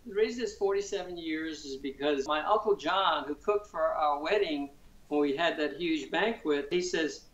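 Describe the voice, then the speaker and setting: An older man from Mississippi, a guest chef, talking casually and relaxed with many fillers. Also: on the high side, moderate pace, lo-fi sound. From Mississippi, United States. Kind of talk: casual interview and cooking demo.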